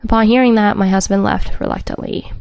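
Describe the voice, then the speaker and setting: A woman's voice: mid-range voice, steady tone, brisk, a little mellow, clear, resonant tone, no echo. Brief: woman narrator, scripted first-person story, wry and matter-of-fact, faint music underneath.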